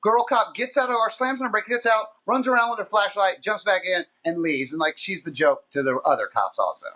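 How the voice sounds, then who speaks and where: A man hosting a podcast, telling a long, profane anecdote in a casual, animated, rambling way. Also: high voice, a little fast. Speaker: podcast host. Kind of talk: casual storytelling.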